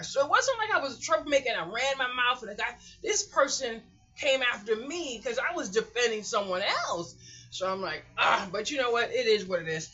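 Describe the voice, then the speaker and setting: A woman vlogger tells a story in a casual, emphatic way and acts out the lines she once said. Her voice is bright and sharp. The recording is dull and lo-fi. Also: fairly high pitch, lively intonation, normal speed, husky.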